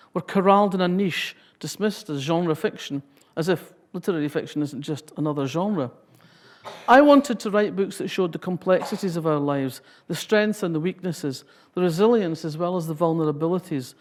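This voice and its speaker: A woman's voice: lowish voice, darkish tone. A Scottish woman in her sixties giving a public talk, reading a passage and then telling wry, humorous anecdotes.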